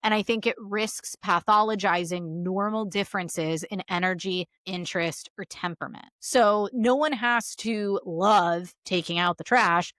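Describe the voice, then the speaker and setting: A young woman, a therapist, co-hosting a podcast, chatty and animated as she tells stories in casual conversation. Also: medium pitch, a little slow, hardly any pauses, no echo, studio quality.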